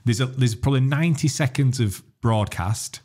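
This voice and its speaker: A man's voice: medium pitch, moderate pace, a little mellow. A man co-hosting a casual podcast, laughing along and making blunt, sweary remarks. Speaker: podcast co-host.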